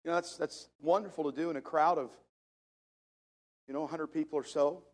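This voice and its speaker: High-voiced emphatic preaching man. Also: fairly even intonation. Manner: emphatic, slows down to stress verses. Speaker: pastor. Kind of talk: sermon.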